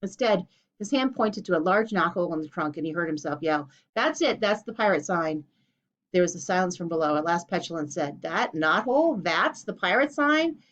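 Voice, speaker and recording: A woman reading a children's storybook aloud in a clear, steady way. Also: on the low side. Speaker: narrator. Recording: dull lo-fi recording.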